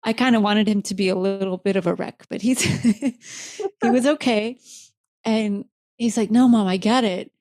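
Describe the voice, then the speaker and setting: A woman's voice: medium pitch, steady tone, unhurried, darkish tone, dry recording, studio quality. A woman hosting a podcast, telling a personal story in a candid, heartfelt way and laughing easily. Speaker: podcast host.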